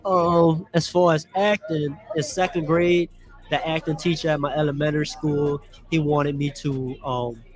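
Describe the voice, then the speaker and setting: Speaking in a slightly high, level voice at an ordinary pace, a twenty-something actor appears as a guest on a live podcast at a church health fair. He tells his story casually in long, wandering answers.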